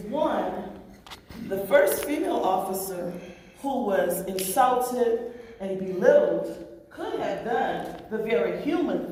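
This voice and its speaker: Woman telling a story at a public meeting, does the voices, far from the mic, big echo. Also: mid-range voice. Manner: animated storyteller acting out quoted voices. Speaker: police trainer presenting to oversight board. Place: large meeting room. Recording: echoey room from far off. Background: strong echo.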